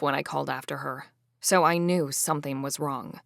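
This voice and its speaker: A woman narrating a fantasy audiobook in the first person, expressive and indignant. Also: low voice, normal speed, vocal fry, no room sound, clean studio sound.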